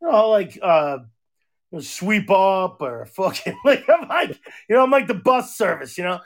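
A man's voice: sits high, expressive, normal speed, gravelly. A man co-hosting a podcast in casual chat, a rambling, profane storyteller. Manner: profane, rambling storyteller, acts out quoted voices. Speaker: podcast co-host.

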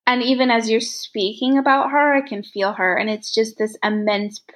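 A woman hosting a casual podcast interview, affirming and gently encouraging her guest. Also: fairly high pitch, steady tone, moderate pace. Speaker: podcast host.

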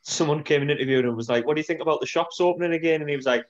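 A fast-talking man in a casual football chat who drops in "aye" and "mate". The sound is dull and lo-fi. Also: on the high side. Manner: quick, conversational, says "aye" and "mate".

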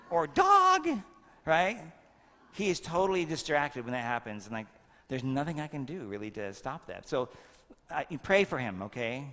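Man, fifties, priest, playful homily, jokes with children, bright voice, long church reverb. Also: mid-range voice. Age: 50s. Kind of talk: homily at a First Communion Mass.

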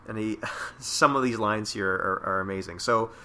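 A man's voice: lowish voice, normal speed, pushed and bright, a little hiss or hum. A man in a casual chat, enthusiastically talking about comics and reading bits of dialogue aloud.

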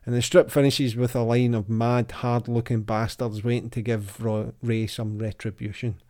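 A man's voice: medium pitch, normal speed. A man hosting a casual football chat, reading out old quotes and quizzes. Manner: chatty, reads quotes aloud with lively voices. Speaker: podcast host.

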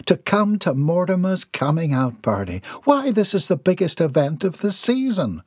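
A man's voice: high-pitched, big pitch swings, moderate pace, husky, no room sound, studio quality, pitched above the performer's own voice, heavily acted. A man voicing a prying, affected society lady who gossips at a party. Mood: gushing.

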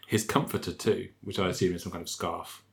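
A man chatting and reading a comic passage aloud, wry and unhurried. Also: low-pitched, steady tone, creaky. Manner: dry, slow and wry, often laughing.

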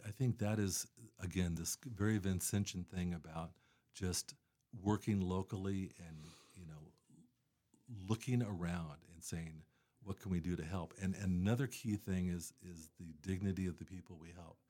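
A man's voice: sits low, moderate pace, mellow. A man talking casually as a guest about charity work, rambling with many fillers and restarts. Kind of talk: casual conversation.

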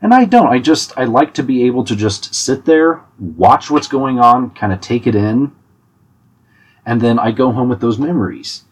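A young man talking casually about concerts in an animated, chatty way, with frequent restarts and laughs. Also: medium pitch, normal speed, breathy edge. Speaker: podcast host giving concert tips. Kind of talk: casual monologue.

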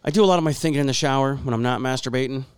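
A man's voice: medium pitch, rapid-fire, clean tone. A man co-hosting a casual podcast, ranting bluntly and swearing constantly. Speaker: podcast co-host. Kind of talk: casual profane rant.

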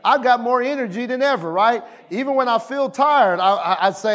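Here a male pastor with a fairly high voice gives an animated, fairly quick sermon. Emphatic throughout, he restates key lines, prompts the congregation for responses, and moves from booming exhortations to hushed asides.

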